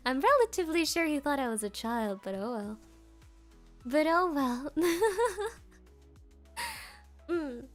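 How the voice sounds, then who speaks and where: Chatty giggly girl streamer, high voice, faint music behind her. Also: sing-song, a little slow, pauses often. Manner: giggly, chatty, reads chat aloud. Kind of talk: casual chat with chat readers.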